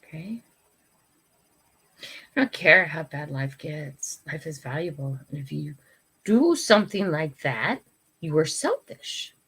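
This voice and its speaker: An older woman hosts a casual live chat, answering comments as they come in. Her voice sits a little low but sounds bright and forceful, and she talks frankly, laughs easily, and keeps saying sorry. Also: expressive, slow pace, long pauses, slightly rough. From United States. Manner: chatty, frank, laughs often, apologizes and restarts. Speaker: livestream host.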